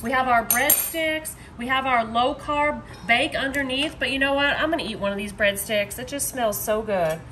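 Woman home cook, high bright voice, chatty and upbeat, faint kitchen hum. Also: normal speed, hardly any pauses. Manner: chatty, upbeat, addresses viewers as y'all. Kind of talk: casual cooking demo.

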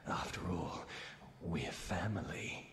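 Man playing a sinister vampire, very deep, slow whispers, roomy sound with music. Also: background noise. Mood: menacing. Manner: low soothing whispers. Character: menacing older male vampire, silky.

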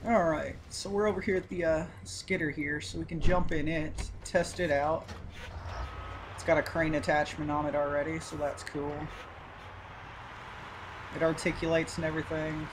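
Male gaming YouTuber, easygoing rambler, fairly high voice, loud truck engine under him. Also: little pitch movement, normal speed. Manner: rambling, easygoing, with filler and cursing. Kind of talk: casual gameplay commentary. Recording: loud game engine noise behind. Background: truck engine and game sounds.

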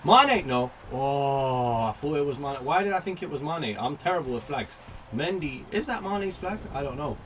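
A man commentating his own video game pack openings, chatty and excitable, greeting each new card like a friend. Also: a little high, normal speed, recorded from a distance, a little hiss or hum. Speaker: gaming YouTuber.

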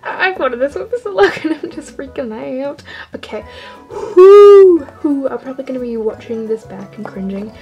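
A woman's voice: sits high, brisk, husky, faint music behind, rough recording. A teenage girl vlogger gushing and rambling as she unboxes toy figures from a trade package. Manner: gushing, rambling, lots of "like" and "oh my gosh". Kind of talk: excited unboxing haul.

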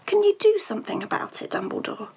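A woman reading aloud and voicing a stern, anxious older female witch professor in a storybook reading, brisk and urgent. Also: extremely high pitch, big pitch swings, dark tone, voice pushed up, full character voice, poor audio.

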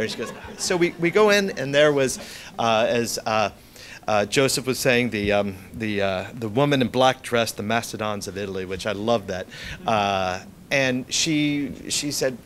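A man's voice: lowish voice, normal speed, a bit bright, a little hiss or hum. A man giving a reading, telling a rambling family anecdote with many fillers and restarts. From United States. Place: event room.

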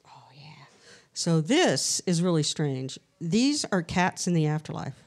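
A woman with a somewhat low voice talks as a guest on a live podcast. She tells her stories in a lively, chatty way, often acting out the voices of the people she quotes. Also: measured pace. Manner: animated storyteller, acts out quoted voices. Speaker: interview guest, researcher. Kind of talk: casual storytelling interview. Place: live event in a castle venue.

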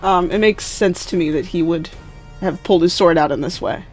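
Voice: medium pitch, brisk, faint music behind. A player in a tabletop game who talks hesitantly, with many ums, thinking aloud about their character's actions. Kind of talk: casual tabletop play.

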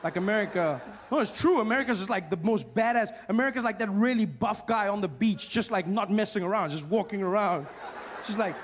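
A male stand-up comedian riffing playfully, full of questions and animated asides. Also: high-pitched, quick pace, slight background noise.

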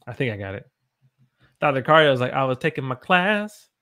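A man's voice: mid-range voice, very animated, normal speed, fairly bright tone. A man from the South, teaching English on a live stream and reading out chat comments in an upbeat, playful way. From Southern United States. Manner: upbeat, reads chat aloud, playful voices.

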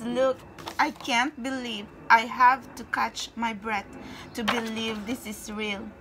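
A gushing, excitable woman reads tarot cards for her viewers, her slightly high voice darting between squeals and hushed asides. She keeps repeating herself and calling everyone guys, with a faint hiss of room noise behind her. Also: measured pace. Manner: gushing and excitable, often breaking into squeals and whispers. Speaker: tarot card reader. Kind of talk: casual tarot reading to camera.

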